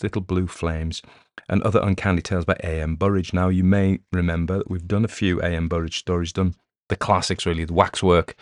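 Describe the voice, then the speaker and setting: A man's voice: deep voice, no room sound, studio quality. A man hosting a podcast, chatting casually in a rambling way and correcting himself as he goes. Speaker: podcast host. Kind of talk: casual chat.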